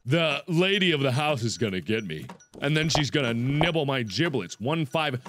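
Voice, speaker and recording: A young man giving let's-play game commentary, swinging from muttered asides to panicked yelling. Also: medium pitch, sing-song, normal speed, slight background noise. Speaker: gaming video host.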